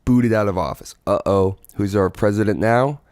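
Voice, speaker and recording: A man's voice: fairly low pitch, normal speed, darkish tone, no echo, clean studio sound. A man co-hosting a podcast, chatting casually and joking, laughing often. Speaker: podcast co-host. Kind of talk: casual comedic chat.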